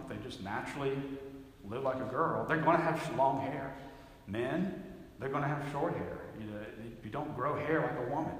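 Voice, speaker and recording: A man teaching a Bible class from a handout, conversational and emphatic, often doubling back mid-sentence. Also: mid-range voice. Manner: conversational, emphatic, rambling with restarts. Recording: echoey hall, faint ambience.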